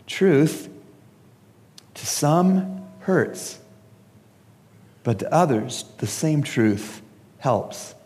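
Preaching a funeral sermon in a church service, a pastor speaks extremely slowly with frequent pauses, emphatic and asking his listeners pointed questions. His voice is a little high and a little mellow, with lively intonation. Soft music plays in the background, and a large hall gives long reverb.

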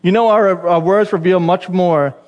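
Bahamian preacher in a reverberant church. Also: male voice, sits high, steady tone, moderate pace. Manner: conversational, chatty preaching with asides to the congregation. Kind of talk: sermon.

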